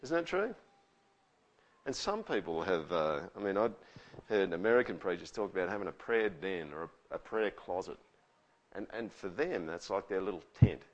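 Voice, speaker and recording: A man's voice: low voice, sing-song, normal speed, lo-fi sound. A man preaching a conversational sermon, often asking the listeners questions. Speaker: pastor.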